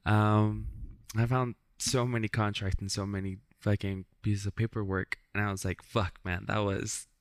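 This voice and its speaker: A man who makes short films and talks in a frank, wry way, peppering his talk with curses. His voice is on the low side and sounds close and dry. He speaks like someone venting to a friend. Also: little pitch movement, normal speed, no echo. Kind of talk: casual chat.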